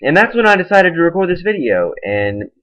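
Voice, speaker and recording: A young webcam vlogger rants in a monologue, exasperated as he retells a quarrel with a friend by quoting the back-and-forth. His voice is on the high side, very animated and brisk, with a fairly bright tone. The webcam microphone gives the audio a dull, lo-fi quality.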